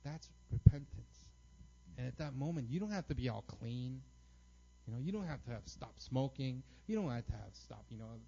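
Gravelly and medium-pitched at a moderate pace, a man in his thirties delivers a lively sermon full of stories, frequently asking the crowd "right?" The pastor's recording sounds dull and lo-fi.

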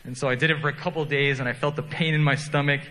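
A man's voice: fairly high pitch, steady tone, fast talker, pushed and bright, in a large hall, poor audio. A man preaching a sermon as pastor, telling self-deprecating stories in a conversational way.

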